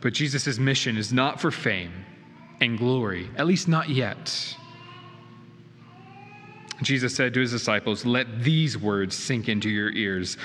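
A man's voice: mid-range voice, unhurried, long pauses, a bit bright. A male pastor preaching a sermon in a church, earnest and emphatic, with rhetorical questions. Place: church sanctuary. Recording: reverberant hall with faint noise.

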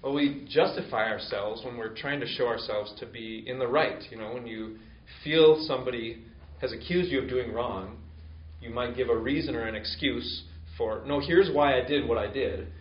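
A man's voice: mid-range voice, normal speed, far from the mic. A man preaching a sermon in a conversational way, full of fillers, acting out quoted excuses. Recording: echoey room, dull lo-fi sound.

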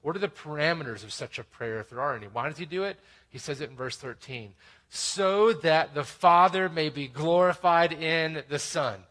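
A man preaching a sermon, building to emphatic peaks and dropping to quiet, conversational asides. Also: on the high side, animated, fairly quick. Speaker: pastor.

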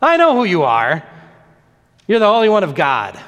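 A preacher voicing an evil spirit that cries out loudly and high from a possessed man. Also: wildly swooping pitch, moderate pace, big-room sound, dull audio, exaggerated voice. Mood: hostile. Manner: crying out loud and high.

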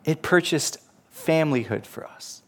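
A man preaching a sermon as a pastor, earnest, slowing down to stress quoted scripture. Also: on the high side, animated, vocal fry, fairly bright tone.

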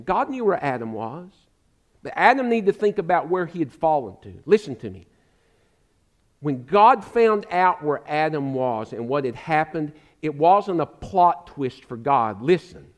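Fervent, high-pitched preaching man. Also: very animated, unhurried. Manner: fervent preacher, rises to emphatic climaxes, addresses listeners as friend. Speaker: pastor. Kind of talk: sermon.

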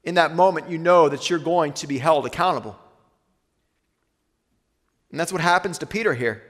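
A man preaching a sermon as pastor, earnest, slowing and softening on weighty lines. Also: fairly high pitch, in a large hall.

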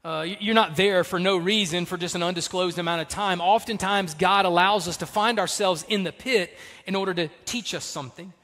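A man preaching a sermon as pastor, emphatic, swinging between loud punches and soft trailing lines. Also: high voice, fairly quick, big-room sound.

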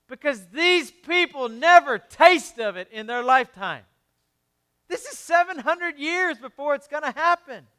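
Preaching in a relaxed, talk-like manner, this male pastor drops brief asides and alternates soft, low-pitched moments with emphatic bursts.

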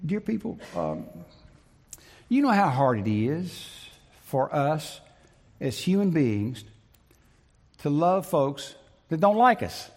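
A man preaching a sermon in an emphatic, deliberate way, repeating his key phrases, with a gravelly, husky voice. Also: on the high side, very animated. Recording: long reverb of a large hall.

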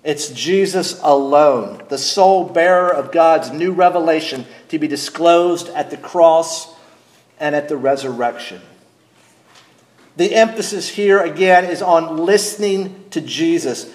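In an echoey room, a middle-aged man whose voice is a little high delivers a sermon as pastor, speaking with deliberation and asking the congregation questions.

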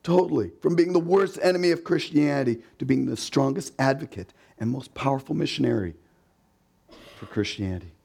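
A pastor with a mid-range pitch preaches a sermon conversationally, like telling a story, posing rhetorical questions, emphatically repeating key words and briefly acting out the voices of people he quotes. He talks fairly quickly in a creaky, darkish, slightly rough voice.

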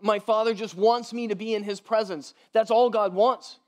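A man preaching a sermon in a loose, conversational way, often asking "right?" and softening his voice when he voices the father. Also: high voice, steady tone, moderate pace. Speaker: pastor.

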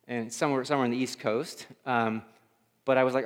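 A man's voice: mid-range voice, steady tone, quick pace. A pastor delivering a conversational sermon; he often repeats words as he searches for them and asks his listeners questions. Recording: reverberant hall.

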